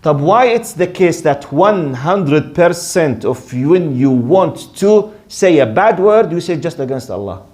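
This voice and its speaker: Emphatic, high-voiced male religious teacher. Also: very animated, unhurried, few pauses, darkish tone. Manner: emphatic, rhetorical questions, repeats words. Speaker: Islamic teacher. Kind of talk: religious lesson. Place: lecture in Canada.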